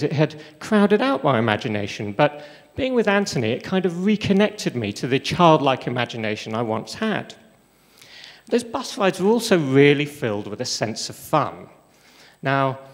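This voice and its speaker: Man telling stories in a hall. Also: mid-range voice. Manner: humorous, self-deprecating storytelling. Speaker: speaker. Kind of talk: storytelling talk on stage. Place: large lecture hall stage. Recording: reverberant lecture hall.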